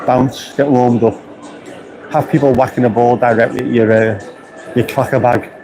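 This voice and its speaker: A man's voice: medium pitch, steady tone, moderate pace, a crowd in the background. A man with a dry, rambling manner, giving casual running commentary as a football fan from his seat, full of joking asides. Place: football stadium stands, outdoors. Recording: noisy stadium ambience.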